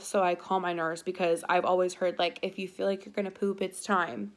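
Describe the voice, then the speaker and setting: A woman's voice: fairly low pitch, fairly quick, hardly any pauses. Chatty young woman telling a story. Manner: chatty, filler-heavy, animated retelling. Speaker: vlogger. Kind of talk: casual storytelling.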